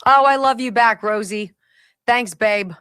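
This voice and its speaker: A woman's voice: a little high, a little slow, a bit bright, smooth, no echo. A woman hosting a talk radio show, giving indignant, opinionated commentary and addressing people directly.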